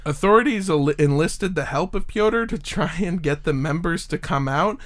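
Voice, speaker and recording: A man with a fairly high voice tells a story to his co-hosts in a loose, profane way. He wanders into asides as he goes. The talk stays relaxed and chatty. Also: moderate pace. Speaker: podcast host telling a true-crime story. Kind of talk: casual chat.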